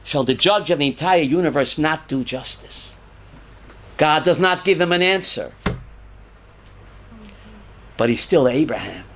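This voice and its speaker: Animated high-voiced man teaching scripture. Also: a little hiss or hum. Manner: animated, reads Hebrew verses aloud and translates, questions the audience. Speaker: rabbi. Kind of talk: Torah class lecture.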